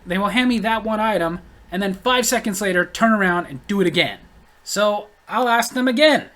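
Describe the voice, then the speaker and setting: A man's voice: sits high, fairly quick, a bit bright. A man telling a story in a casual, blunt, exasperated ranting way. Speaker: storyteller vlogger.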